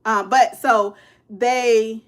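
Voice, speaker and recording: A woman's voice: fairly high pitch, fairly even intonation, very slow. A woman in her fifties hosting a casual true-crime livestream, speaking straight to her viewers with "y'all", "child" and "honey" and answering their comments as she goes. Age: 50s. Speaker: livestream host.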